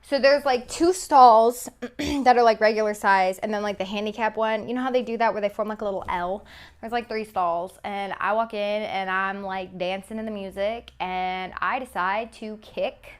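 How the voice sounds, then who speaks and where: A woman's voice: mid-range voice, steady tone, moderate pace, clear, resonant tone. A woman around twenty from Texas, telling a casual storytime with lots of "like" fillers and casual swearing. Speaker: vlogger. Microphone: phone camera.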